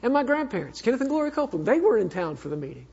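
High-voiced husky preacher in an echoey hall. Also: male voice, big pitch swings, rapid-fire. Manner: earnest, swings between fervent and hushed. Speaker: minister. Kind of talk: sermon with personal storytelling. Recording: echoey hall, dull sound.

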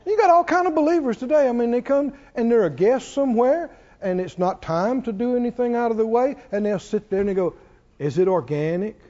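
A man preaching a sermon, folksy and animated, often laughing and acting out people in low mock voices. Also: fairly quick, muffled recording.

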